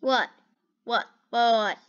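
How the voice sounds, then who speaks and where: A woman hosting a gaming video, giving casual reaction commentary in an excitable, chatty way, saying okay and dude over and over. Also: a little high, extremely slow, clear, resonant tone, highs cut off.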